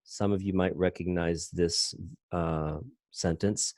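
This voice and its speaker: A man's voice: sits low, steady tone, slow pace, a little mellow, dry recording. A middle-aged man teaching an online class from home, in a loose, rambling way that often stops to correct himself. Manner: loose, rambling, self-interrupting. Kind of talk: casual online class lecture. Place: home, at a computer.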